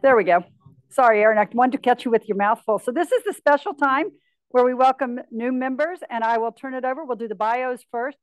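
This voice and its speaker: Brisk, joking woman organizing a ceremony. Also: on the high side, no room sound, rough recording. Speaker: organizer of the new member induction. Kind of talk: directing a ceremony at a meeting. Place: club meeting room.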